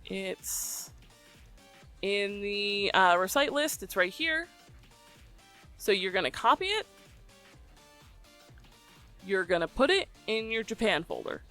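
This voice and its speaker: A voicebank creator talking through a recording tutorial in a relaxed, chatty way, often pausing with ums. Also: medium pitch, soft background music. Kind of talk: casual tutorial explanation.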